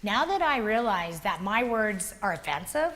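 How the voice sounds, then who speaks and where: A woman leading a workplace workshop, explaining ideas and telling animated stories to a group in a meeting room. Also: medium pitch, moderate pace, slight background noise. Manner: animated storytelling with acted-out quotes. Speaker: workshop facilitator. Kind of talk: workshop teaching.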